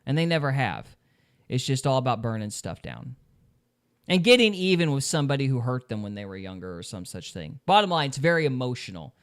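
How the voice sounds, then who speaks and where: A man's voice: mid-range voice, very animated, brisk, clear, resonant tone. A man hosting a podcast in casual chat, opinionated and mocking others in quoted voices. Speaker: podcast host.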